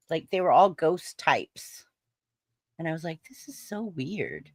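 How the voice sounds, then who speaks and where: A woman's voice: on the low side, very animated, slow, long pauses, no room sound. A woman hosting a casual chat, telling a story with laughter and acting out the lines she quotes. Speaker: stream host.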